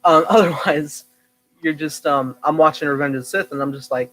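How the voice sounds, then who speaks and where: A young man co-hosting a podcast, telling a story excitedly, with many fillers and laughs. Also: a little high, moderate pace, low-quality recording. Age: young adult. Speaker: podcast co-host. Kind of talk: casual chat.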